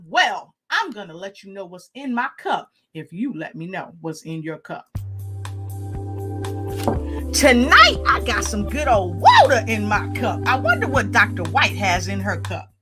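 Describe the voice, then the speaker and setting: Female livestream host, animated and lively, bright tone, eager to rally her audience. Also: a little high, measured pace, breathy edge, soft background music. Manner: animated, hypes the audience, chanting and call-outs. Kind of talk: livestream talk show hosting.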